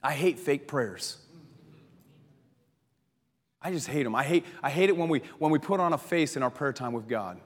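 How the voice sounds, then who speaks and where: Animated preacher man in a reverberant hall. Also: a little high, normal speed, pauses often. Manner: animated storytelling preacher, laughs often, drops to soft prayer voice. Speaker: pastor. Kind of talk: sermon. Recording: long hall reverb with faint music.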